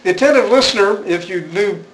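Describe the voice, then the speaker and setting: An older man gives a philosophy talk in a lecture room, his voice sitting a little high for a man. He rambles wryly and pokes fun at himself, and faint room ambience hums behind him. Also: brisk, a bit bright, a little hiss or hum, rough recording. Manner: wry, rambling, self-deprecating. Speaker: guest speaker, philosophy professor. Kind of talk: public lecture.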